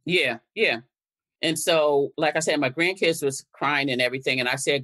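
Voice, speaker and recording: Her voice sits low with a fairly bright tone, moving at normal speed. She's an older activist from Connecticut, a guest in conversation, recounting events and re-enacting quoted exchanges.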